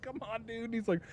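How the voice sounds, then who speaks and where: A man's voice: very high voice, slight background noise. Guy on stream rambling about his dogs, laughs a lot, swears a ton. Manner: laughing, profane, rambling storytelling. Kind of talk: casual chat.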